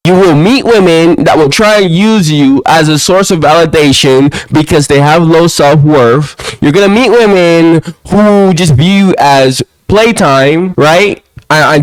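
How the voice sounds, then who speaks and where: A young man ranting to camera in a casual monologue at home, often tacking a low "bro" onto his lines. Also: normal speed, hardly any pauses, no room sound, low-quality recording. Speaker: vlogger. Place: quiet home, alone.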